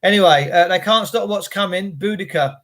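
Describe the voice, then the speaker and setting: Bloke hosting a stream, rambly and blunt, higher voice. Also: male voice, fairly quick, a bit bright. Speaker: livestream host. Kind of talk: casual rambling livestream rant.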